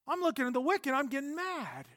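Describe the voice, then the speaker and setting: A man preaching a sermon, earnest and conversational, with fillers and restarts, swinging between soft and emphatic. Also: extremely high pitch, very animated, fairly quick. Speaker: pastor.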